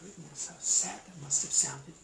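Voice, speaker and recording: A man, a teacher, reading a storybook aloud in a playful, expressive way and adding his own comments on the story. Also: a little high, moderate pace, gravelly, slight background noise. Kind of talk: storybook read-aloud with asides. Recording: roomy echo.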